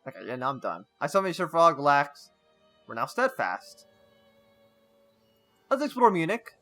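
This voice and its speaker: Guy doing a let's play, reads the game text out loud, trips over words and throws in side comments, kinda high bright voice, faint music behind. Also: wildly swooping pitch, normal speed. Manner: reads the story text with stumbles, breaking off into casual asides. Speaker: gaming channel host.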